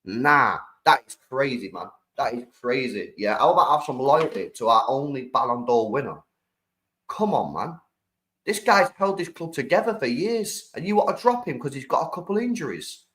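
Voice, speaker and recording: A young British man hosting a live stream, reacting to football news and chatting with viewers in an animated, slangy way. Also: mid-range voice, normal speed, rough recording. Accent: British English. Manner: slangy, animated, talks to the chat. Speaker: streamer host.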